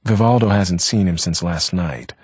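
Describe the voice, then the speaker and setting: A man's voice: low voice, darkish tone, slightly rough, no echo. A man playing a kindly hostess. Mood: gentle. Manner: kind, hurried. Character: welcoming woman hostess, gentle and tactful.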